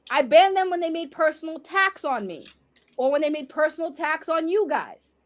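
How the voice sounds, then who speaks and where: Brief: high-pitched woman, heated swearing rant, stream clip. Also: sing-song, brisk. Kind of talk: livestream rant.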